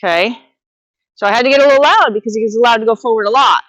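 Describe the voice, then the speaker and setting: A woman's voice: on the high side, fairly bright tone, no echo, lo-fi sound. Encouraging woman coaching in a dry, close recording. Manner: encouraging, directive coaching with quick repeated praise. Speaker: horsemanship instructor. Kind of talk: live coaching a student.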